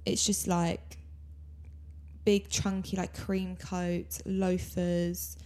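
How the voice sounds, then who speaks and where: An enthusiastic young woman co-hosts a relaxed podcast chat. She talks at an ordinary pitch and gushes freely, full of "like" and emphasis. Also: drawn-out words. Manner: enthusiastic, gushing. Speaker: podcast co-host. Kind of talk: casual chat.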